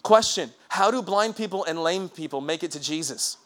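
A man preaching a sermon in a lively, conversational way, laughing and acting out quotes. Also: high-pitched, normal speed. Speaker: pastor.

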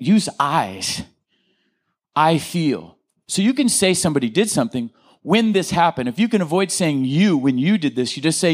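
A middle-aged man giving a conversational teaching talk, animated, acting out example phrases and checking in with his listeners. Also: fairly high pitch, brisk. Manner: animated, acts out example quotes, checks in with the audience.

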